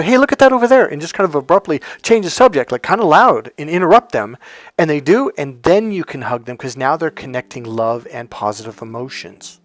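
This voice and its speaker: A man talking as a life coach, telling a story casually and acting out the dialogue with lively changes in voice. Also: fairly high pitch. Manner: animated, acts out quoted dialogue.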